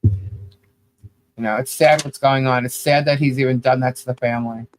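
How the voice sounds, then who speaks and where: A man's voice: mid-range voice, fairly even intonation, normal speed. A man co-hosting a podcast, delivering critical commentary in a rambling, blunt rant full of "you know" and casual swearing. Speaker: podcast co-host.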